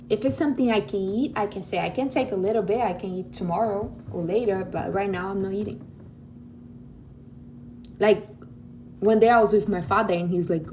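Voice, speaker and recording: A blunt, outspoken woman with a Brazilian accent talks casually to her livestream audience. She hands out advice directly and calls her listeners honey. Her voice sits at an ordinary middle pitch for a woman, with a faint hiss of noise in the background. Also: brisk, mellow. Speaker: livestream host.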